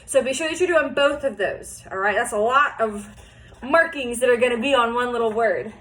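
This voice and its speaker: A woman with a high voice teaches phonics to young children from home. She is patient and encouraging, and she sounds out each word slowly so the children can follow. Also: sharp tone.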